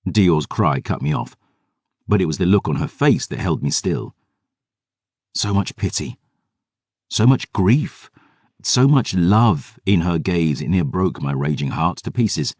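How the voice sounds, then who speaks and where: A male audiobook narrator with a very deep voice reads fantasy in a measured, dramatic way. His pitch swings widely while his pace stays slow. The sound is dry and close. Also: expressive, a little mellow, slightly rough, no echo.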